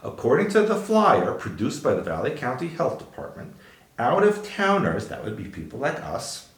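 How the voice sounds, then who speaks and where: A man's voice: mid-range voice, huge pitch swings, normal speed. A man co-hosting a podcast, reading news items aloud and adding dry, joking asides. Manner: reads headlines aloud with wry asides. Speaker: podcast co-host. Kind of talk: casual news commentary. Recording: roomy echo.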